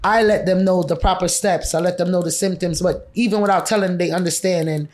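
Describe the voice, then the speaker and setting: A woman's voice: fairly low pitch, quick pace. A middle-aged woman talking bluntly and with profanity as a podcast guest, telling stories about her life in a casual chat. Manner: blunt, profane, animated storyteller.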